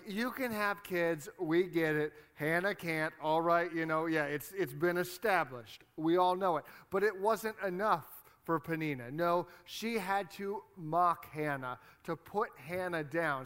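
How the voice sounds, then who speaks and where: A man's voice: fairly high pitch, fairly bright tone, clear, resonant tone. A man with a Midwestern American accent preaching a sermon in a conversational, playful way. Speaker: pastor.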